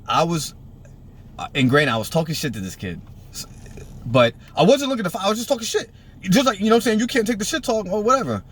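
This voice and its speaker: A Puerto Rican man in his thirties tells a story casually, swearing throughout and acting out the people in it. His voice is high and he talks fast, with slight background noise. He's animated and raises his voice when quoting others.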